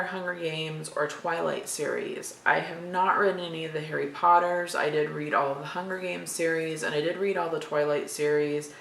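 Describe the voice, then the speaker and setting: A chatty woman in her thirties from Florida, reading out questions and rambling through her answers in a matter-of-fact way. Her voice has a gravelly edge, and it bounces around an echoey room with a faint hum of noise behind it. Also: sits low, a bit bright. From Florida, USA. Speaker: vlogger answering tag questions. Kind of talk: casual chat reading questions aloud.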